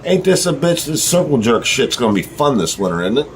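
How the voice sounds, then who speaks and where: A man's voice: medium pitch, sing-song, fairly quick. Give me a middle-aged man with a drawl, ranting bluntly and swearing freely. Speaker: vlogger. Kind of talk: profane ranting monologue.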